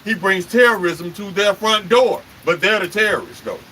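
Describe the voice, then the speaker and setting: A man's voice: high-pitched, lively intonation, normal speed, sharp tone, a little hiss or hum, rough recording. A man preaching on a live stream, emphatic and confrontational, firing off rhetorical questions and cursing.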